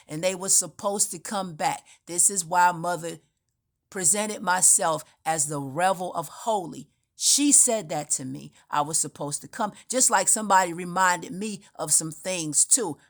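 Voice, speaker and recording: Speaking at a measured pace in a voice on the low side, a spiritual speaker offers an unscripted monologue. Her storytelling rambles and is emphatic, with many restarts.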